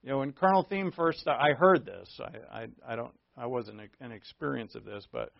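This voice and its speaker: A man's voice: mid-range voice, moderate pace, vocal fry, no room sound. Man teaching a Bible class, lo-fi. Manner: conversational, repetitive emphasis, frequent fillers. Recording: dull, dry, lo-fi recording.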